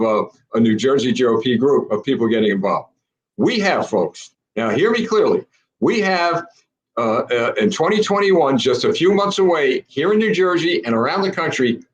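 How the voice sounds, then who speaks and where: A man's voice: medium pitch, rough recording. A middle-aged American man hosting a political show, talking urgently and exhorting his viewers. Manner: urgent, exhorting, addresses audience as folks. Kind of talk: impassioned political talk.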